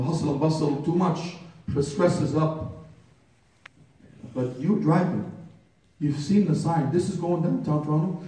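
A man's voice: a little high, mellow. A man preaching a sermon with fervent rhetorical questions, reciting Arabic scripture and translating it, calling listeners brother. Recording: very echoey room, far from the mic.

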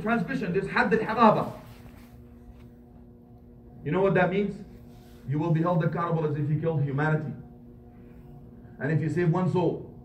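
Impassioned high-voiced preacher in an echoey hall. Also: male voice. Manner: impassioned, rising to emphatic peaks, recites Arabic quickly. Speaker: imam giving a Friday sermon. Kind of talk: sermon. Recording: echoey hall, mic at a distance, faint noise.

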